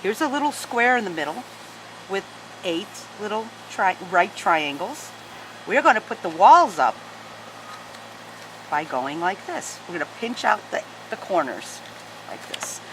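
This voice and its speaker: An origami teacher runs a hands-on craft tutorial from home, walking through each paper fold patiently and chatting to her dogs along the way. Her medium-pitched voice is very animated but a little slow, with long pauses and some background noise.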